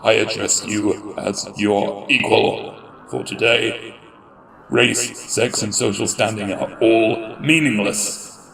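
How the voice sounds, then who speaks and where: A man voicing a confident middle-aged supreme leader giving a slow, rallying speech. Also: on the low side, steady tone, vocal fry, fairly bright tone, exaggerated voice, low-quality recording.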